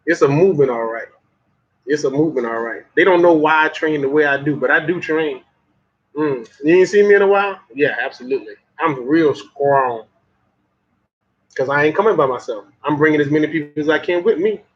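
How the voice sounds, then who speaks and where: A man's voice: a little high, a little fast, slightly rough. A man with a Southern US accent delivering a profane, folksy motivational monologue, repeating lines for emphasis. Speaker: motivational vlogger. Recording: muffled lo-fi audio.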